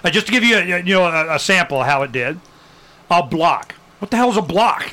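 A man with a high, bright voice hosts a casual interview. He talks bluntly and with plenty of animation, and he drops the odd mild swear word. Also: animated, fairly quick. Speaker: host.

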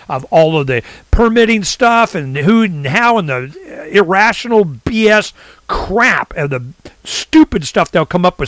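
A man talking in a casual rant, rambling and animated, often acting out what others say. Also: sits high, dry recording. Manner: rambling, animated, swings into quoted voices. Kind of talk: casual ranting chat.

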